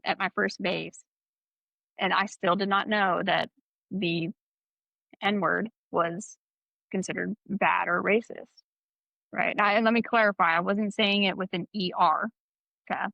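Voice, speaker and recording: A woman's voice: mid-range voice, fairly even intonation, a little slow, creaky, long pauses, bright, forceful tone, no echo. Candid, profane woman telling a story. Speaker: podcast co-host. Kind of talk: casual storytelling chat. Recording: slightly dull, dry sound.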